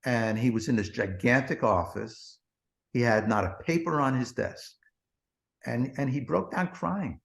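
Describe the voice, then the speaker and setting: Gravelly man telling a rambling story. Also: mid-range voice, a little slow. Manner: rambling, profane, repeats "he goes" and "blah, blah". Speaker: podcast guest, former TV producer. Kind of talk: anecdotal storytelling.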